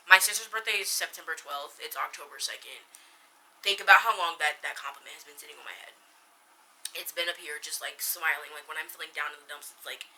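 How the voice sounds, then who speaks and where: A teenage girl chatting on her own podcast, with a very bright voice sitting a little low. She rambles, stops herself mid-sentence, and tells stories with lots of animation. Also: rough recording. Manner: rambling, self-correcting, animated storytelling. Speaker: podcast host. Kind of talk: casual chat.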